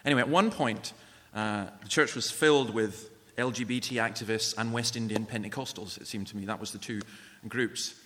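A guest speaker and author gives an earnest, personal evangelistic talk in a large church, speaking like a conversational testimony. His voice is fairly low in pitch but bright and forceful, and he talks fairly quickly. A long church reverb surrounds the recording.

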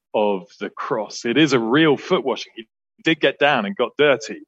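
A man preaching a sermon in church, explaining a Bible passage with earnest emphasis that rises and then falls soft. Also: on the low side, breathy edge, dry recording, highs cut off.

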